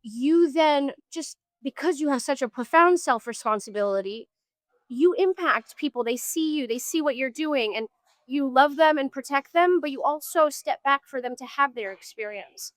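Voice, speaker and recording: A woman's voice: high-pitched, animated, normal speed, no room sound. A woman musician being interviewed, speaking earnestly and thoughtfully, often trailing off and restarting her sentences. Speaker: musician guest. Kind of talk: street interview. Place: outdoors on a street.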